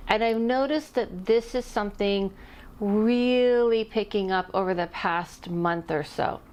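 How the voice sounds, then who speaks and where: A middle-aged woman who works as an intuitive medium, chatting casually to camera on her vlog and rambling off topic with little laughs. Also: mid-range voice. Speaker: intuitive medium and channel host.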